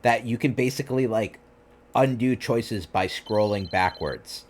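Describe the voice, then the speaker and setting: A man's voice: on the low side, unhurried, slight background noise. A man streaming a visual novel, chatting and joking in a rambling way between lines. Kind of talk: live game commentary, reading a visual novel. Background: game music.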